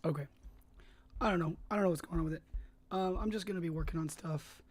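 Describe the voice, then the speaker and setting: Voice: mid-range voice, quick pace, husky. A livestreamer chatting casually while editing a fan film, talking around a cough drop in a rambling, hesitant way. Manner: rambling, hesitant, many fillers and restarts. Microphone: desk microphone, tested on stream.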